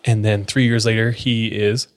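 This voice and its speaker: A man's voice: on the low side, normal speed. A man hosting a podcast, casually retelling a spooky account and leaning on "like" as a filler. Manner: relaxed retelling full of likes. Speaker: podcast host. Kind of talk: casual storytelling.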